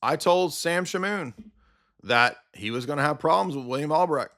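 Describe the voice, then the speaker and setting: A man's voice: a little high, moderate pace, a bit bright. A man hosting a livestream, ranting in a combative, sarcastic commentary style. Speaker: livestream host.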